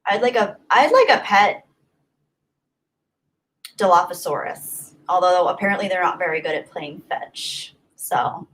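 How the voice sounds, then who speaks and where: A woman's voice: lowish voice, lively intonation, unhurried, fairly bright tone, poor audio. A young woman hosting a livestream, chatting casually and rambling as she answers viewer comments, often repeating herself. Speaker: livestream host.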